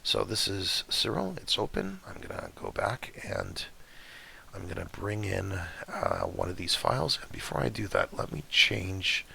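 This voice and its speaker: A man whose voice keeps cutting in and out, walking through software step by step in a relaxed, chatty way as he records his screen. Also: lowish voice, measured pace, gravelly, a little hiss or hum. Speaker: astrophotography tutorial maker.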